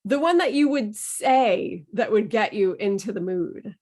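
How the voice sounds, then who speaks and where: A woman leads a voice workshop over a video call, taking her time with every phrase. Her manner is playful and encouraging, and she keeps breaking into little vocal demonstrations. Her pitch sits in the middle range. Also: lively intonation, unhurried, a little mellow. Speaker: workshop leader. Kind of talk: online workshop instruction.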